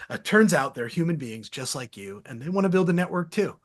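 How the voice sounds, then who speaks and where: A lively man speaking as a guest in a casual interview, his voice sitting a little higher than most men's. He tells stories with animated energy and talks in a candid, slangy way. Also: a little fast. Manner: energetic, animated storytelling with laughs. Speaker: sales podcast host as guest.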